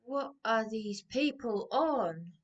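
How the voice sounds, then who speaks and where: A woman with a fairly high voice, holding forth in a slow, aggrieved rant. She rambles and circles back over her own words, agitated throughout. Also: lively intonation, muffled recording. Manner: rambling, agitated, repeats herself. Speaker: vlogger. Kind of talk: aggrieved personal rant to camera.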